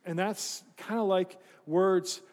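A man's voice: sits high, steady tone, slow pace, a little mellow, big-room sound. A man preaching a sermon, telling a story with self-deprecating humor and asking his congregation questions. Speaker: pastor.

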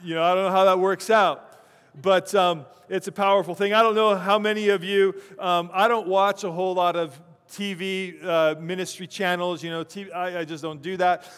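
High-voiced man preaching in a reverberant church. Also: fairly even intonation, normal speed, fairly bright tone, clear, resonant tone. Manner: conversational, chuckling asides. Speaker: pastor. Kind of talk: sermon. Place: church sanctuary.

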